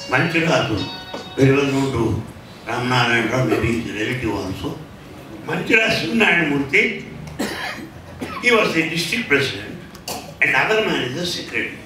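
Indian english guy preaching a devotional story, bright forceful voice, lots of echo, mic far off. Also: mid-range voice, slight background noise. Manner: emphatic, repetitive, lecturing. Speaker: spiritual speaker. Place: large hall. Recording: echoey hall from far off.

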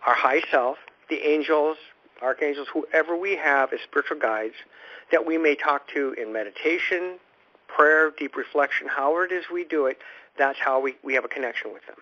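A man's voice: a little high, normal speed, bright, forceful tone. Male radio host, informal spiritual teacher, meandering delivery with frequent restarts; muffled lo-fi broadcast. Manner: rambling, repeats words when restarting thoughts. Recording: dull lo-fi radio recording.

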